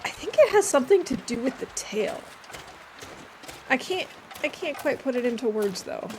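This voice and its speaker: A woman's voice: sits high, very animated, normal speed, background noise. A woman streamer giving casual let's-play commentary while she plays, chatty and rambling with a self-amused tone.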